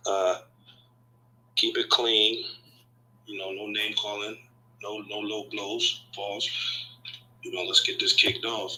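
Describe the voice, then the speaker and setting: A man hosting a livestream debate in loose slang, giving shout-outs and laying out the rules. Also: on the low side, slight background noise, poor audio. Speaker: debate host. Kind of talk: casual hype-style livestream hosting.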